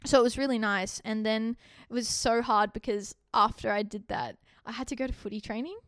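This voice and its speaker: A woman's voice: on the high side, a little fast, no echo, studio quality. A young Australian woman co-hosting a podcast, telling a personal story in casual chat and acting out the dialogue as she goes. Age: young adult. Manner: animated, acts out quoted dialogue in the telling. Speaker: podcast co-host.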